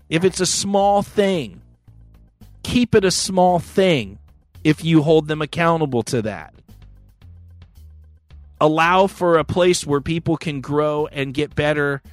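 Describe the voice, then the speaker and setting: Podcast host, man, frank and profane, slightly high-pitched, dry close sound. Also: dry recording. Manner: candid, profane, laughs often. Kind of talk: casual chat.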